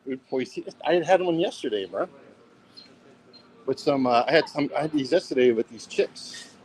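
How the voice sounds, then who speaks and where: In a poor-quality recording with a little hiss or hum, an American travel vlogger talks casually as he walks outdoors and into a beachside mini market. His medium-pitched voice has lively intonation, a moderate pace, and a darkish tone, and he rambles while saying "bro" at the end of almost every line.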